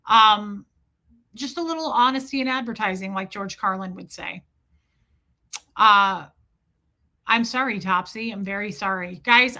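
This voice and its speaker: Bright and forceful, her fairly high voice drives casual livestream talk as the host. She's a middle-aged woman who speaks bluntly and defiantly, cursing often.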